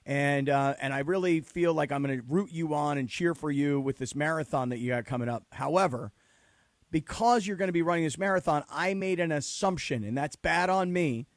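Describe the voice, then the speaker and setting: A male sports radio host with a slightly high voice, recorded dry and close in the studio. He chats casually and teases his guest, telling stories with animated bursts. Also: fairly quick, no echo. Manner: teasing, animated storyteller.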